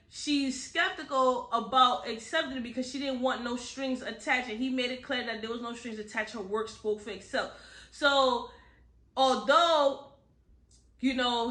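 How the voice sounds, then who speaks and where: A woman's voice: high voice, pushed and bright, echoey room. A young woman in a casual book review chat. She is chatty and candid, uses slang, drifts off topic and keeps checking in with "right?".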